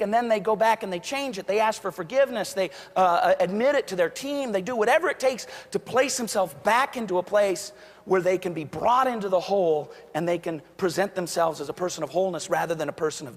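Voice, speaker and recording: Male keynote speaker, lively storyteller, slightly high voice, long hall reverb. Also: brisk. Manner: storytelling, acts out quoted voices. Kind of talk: motivational keynote speech.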